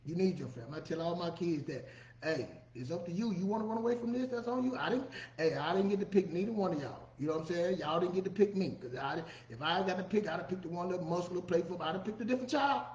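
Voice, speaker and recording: Middle-aged man hosting a casual monologue, a bit high-pitched, recorded in an echoey room. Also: quick pace. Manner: folksy, repeats "you know what I'm saying". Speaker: podcast host. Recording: echoey room, dull lo-fi sound.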